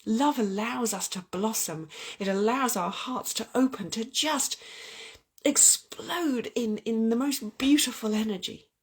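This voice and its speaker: Breathy woman, earnest spiritual chat. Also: on the high side, unhurried. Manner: earnest and heartfelt, with repeated restarts. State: getting weepy. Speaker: spiritual channel host. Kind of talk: spiritual chat with oracle cards.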